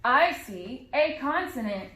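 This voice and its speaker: A woman's voice: high voice, animated, slow, bright, forceful tone, echoey room. A woman teaching a phonics lesson to young children, patiently modeling sounds and words.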